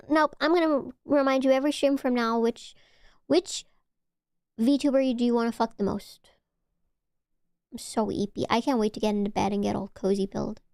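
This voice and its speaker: A woman's voice: high voice, a little mellow, clear, resonant tone, no echo, studio quality. A woman streamer chatting casually with her viewers, rambling, playful and swearing freely. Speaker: VTuber streamer. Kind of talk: casual livestream chat.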